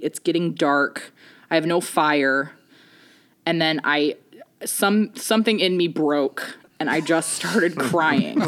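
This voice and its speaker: Animated woman telling a comic story. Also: lowish voice. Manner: animated, self-mocking, laughs between lines.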